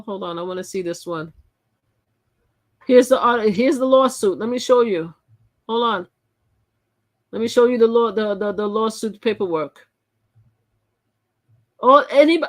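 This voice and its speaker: A woman hosting a live channel, reading articles aloud and commenting in a chatty way, often repeating and restarting her phrases. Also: a little high. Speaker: channel host.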